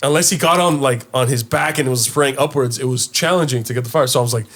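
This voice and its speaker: A young adult man on a casual podcast, an animated storyteller who swears freely and jumps into high voices as he acts out what people said. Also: fast talker. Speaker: podcast co-host.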